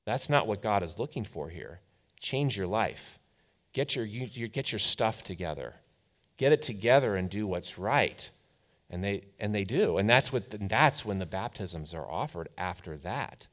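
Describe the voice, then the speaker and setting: A man preaching a sermon as a pastor, telling the story in a conversational, animated way. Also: fairly low pitch, normal speed.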